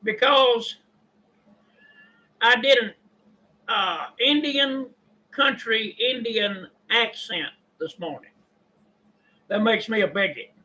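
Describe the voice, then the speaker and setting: A man's voice: high voice, takes it slowly, pauses often, sharp tone, rough recording. A man with a Kentucky country accent, ranting indignantly and defensively in a casual vlog. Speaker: YouTuber.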